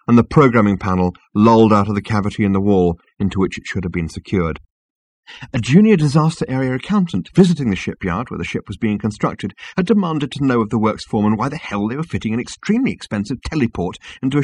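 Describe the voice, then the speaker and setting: Husky man, dry studio sound, measured audiobook narration. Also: mid-range voice, dry recording.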